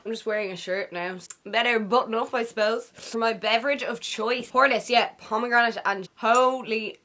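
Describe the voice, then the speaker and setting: This beauty vlogger, a young Irish woman, chats through her get-ready-with-me routine in her bedroom with a slightly high, bright, forceful voice at a steady, moderate pace. Her talk is playful and slangy, sprinkled with goofy made-up words.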